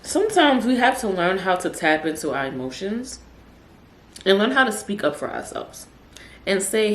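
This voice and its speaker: A woman's voice: mid-range voice, sing-song, normal speed. A young woman hosting a podcast, talking in a casual, emphatic monologue, repeating words for stress and dropping in street slang. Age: young adult. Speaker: podcast host. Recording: echoey room with faint background hum.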